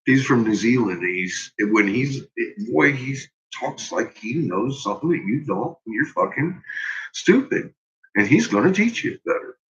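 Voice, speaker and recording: On a dull lo-fi recording, a man with a lowish, fairly bright voice goes on a casual, profane rant. He sounds exasperated, swears a lot and laughs at his own points.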